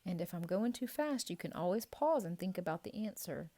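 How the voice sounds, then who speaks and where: A woman leading a playful Bible quiz for children, drawing out each answer and cheering the kids on. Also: lowish voice. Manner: playful, animated and encouraging, drawn-out answer reveals. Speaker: children's ministry teacher.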